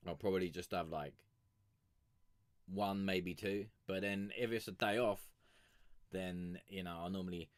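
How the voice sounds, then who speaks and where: A man's voice: sits low, steady tone, a little slow, long pauses, no room sound. A man chatting casually and crudely with his live-stream audience, rambling and joking on a sugar rush. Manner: profane, rambling, joking banter with chat. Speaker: music review streamer.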